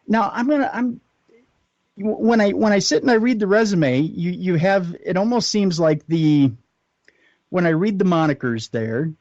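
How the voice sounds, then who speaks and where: A man hosting a late-night talk radio show, speaking earnestly and unscripted, often pausing to search for words. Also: sits high, lively intonation, a little mellow, dry recording. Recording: dull lo-fi radio audio, dry.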